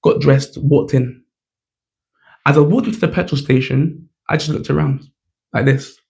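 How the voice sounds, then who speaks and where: A man in his twenties speaks to camera in a relaxed vlog. He tells a story in a chatty, animated way, with lots of "like" and "you know". His mid-pitched voice carries a gravelly fry. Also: moderate pace. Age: 20s. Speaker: vlogger.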